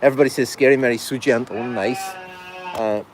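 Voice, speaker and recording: A man's voice: medium pitch, fairly even intonation, fast, background noise. A man hosting a casual farm video, chatting and cooing affectionately at his goats in an animal pen, filmed on a phone. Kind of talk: casual talk to animals and viewers.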